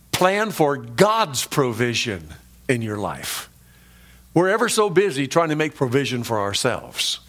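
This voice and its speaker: A man preaching a sermon, emphatic and conversational, swinging from rising peaks to low drops and speaking directly to his listeners. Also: fairly bright tone. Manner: conversational asides to the congregation. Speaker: pastor.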